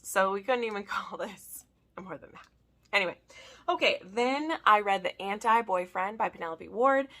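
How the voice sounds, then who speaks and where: A woman's voice: on the low side, vocal fry, bright, forceful tone. A woman chatting casually in a book review vlog, peppering her talk with "like". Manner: chatty, frequent "like" fillers.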